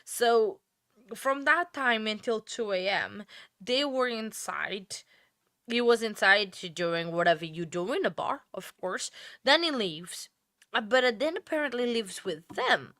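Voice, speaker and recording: Woman host, bright voice, dry close mic, tired, chatty crime-stream commentary. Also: on the high side, animated, a little slow, dry recording. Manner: chatty, rambling, apologetic asides. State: tired, yawning. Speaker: true crime livestream host. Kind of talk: casual commentary on a court livestream.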